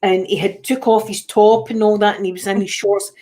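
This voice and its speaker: A middle-aged woman with a Scottish accent, chatting casually with her viewers. Her voice sits at an ordinary, mid-range pitch. She likes to tell stories and does the voices of the people in them. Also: flat delivery, brisk, mellow. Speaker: channel host. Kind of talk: casual live chat.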